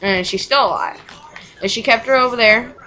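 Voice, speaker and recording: Frank young mom with a bright voice. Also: female voice, a little high, moderate pace, faint music behind, low-quality recording. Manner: rambling and frank, with swearing and short laughs. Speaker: young mother. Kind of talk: casual personal storytelling.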